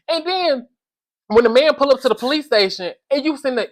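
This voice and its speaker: A woman with a fairly high voice delivers casual comedic commentary on reality TV. She is animated and exasperated, scolding in slang as she talks straight to her viewers. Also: fairly quick.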